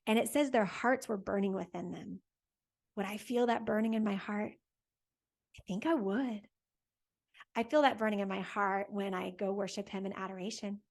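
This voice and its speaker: A woman hosting a faith lesson for families, telling a Bible story to children in a lively, conversational way and asking her listeners questions as she goes. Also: mid-range voice, vocal fry. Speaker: catechist host for families.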